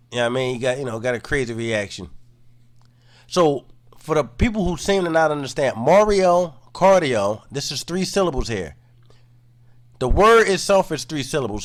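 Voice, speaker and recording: A man giving casual commentary, relaxed and low-key, full of "you know" fillers.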